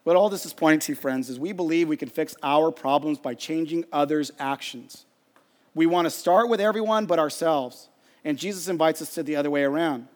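Guy preaching, high-ish voice, pretty animated, talky, hall echo on it. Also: fairly quick. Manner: animated, conversational preaching with acted-out quotes. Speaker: pastor. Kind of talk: sermon. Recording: long hall reverb.

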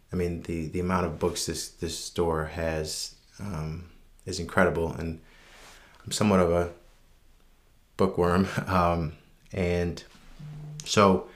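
A man casually telling a personal anecdote, relaxed and unscripted, with frequent ums and restarts, earnest and reflective. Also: sits low. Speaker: storyteller.

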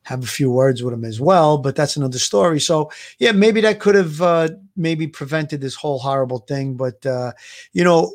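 A man co-hosting a casual live-stream chat, talking things through in a conversational way. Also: medium pitch. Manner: conversational, thinks aloud with fillers. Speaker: co-host.

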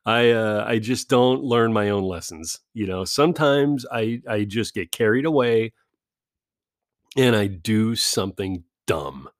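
A man's voice: lowish voice, lively intonation, unhurried, dry recording, clean studio sound. A man in his forties telling a rambling, self-deprecating story in casual vlog chat, laughing often. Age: 40s. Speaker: vlogger.

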